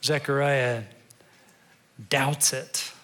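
A male pastor giving a sermon in a conversational, storytelling way, turning quiet and reflective at times. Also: mid-range voice, little pitch movement, extremely slow.

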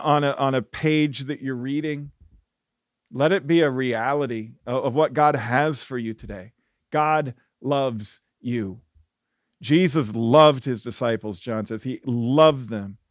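A man teaching a short devotional Bible lesson on a podcast, earnest and reflective, with soft laughs and small restarts. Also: medium pitch, dry recording, studio quality.

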